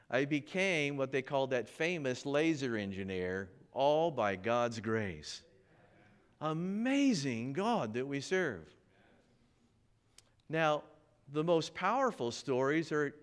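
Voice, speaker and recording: A man preaching a sermon, telling a personal story and acting out the voices of the people in it. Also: a little high. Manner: animated, acts out quoted voices. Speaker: pastor. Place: church.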